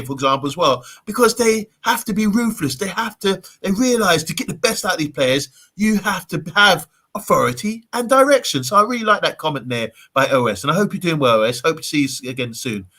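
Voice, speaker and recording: A man with a high, animated voice, pushed and bright, hosts a live fan show, moving fairly quickly with hardly any pauses. He reads viewer comments aloud in casual stream chat, bossing people around playfully.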